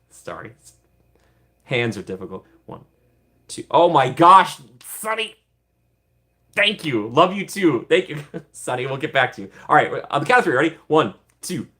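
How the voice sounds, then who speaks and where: A man's voice: mid-range voice, fairly bright tone. A young American man hosting a casual livestream, chatting upbeat with viewers, laughing often and rambling with fillers. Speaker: livestream host.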